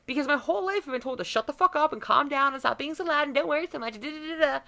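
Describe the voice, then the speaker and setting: A woman in her thirties ranting bluntly and profanely straight to camera. Her voice is bright and lively, swinging widely in pitch, and her words come out fast and heated. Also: creaky. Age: 30s. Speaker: vlogger.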